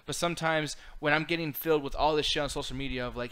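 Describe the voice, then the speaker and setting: This young man co-hosts a casual chat show, swearing freely as he rants and laughing along the way. His voice is bright and sits a bit high for a man. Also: steady tone, fast talker, clean tone. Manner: profane, ranting, laughs often. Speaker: co-host.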